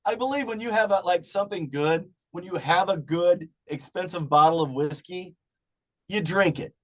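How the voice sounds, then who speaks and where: A middle-aged man in casual chat as a podcast guest, swearing often and breaking into loud rants. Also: sits high, moderate pace. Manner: profane, ranting, loud bursts.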